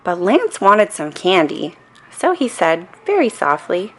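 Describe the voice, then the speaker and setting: A woman reading a children's storybook aloud in a calm, soothing bedtime manner. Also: fairly low pitch, unhurried, a little hiss or hum. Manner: calm, soothing reading with playful character voices.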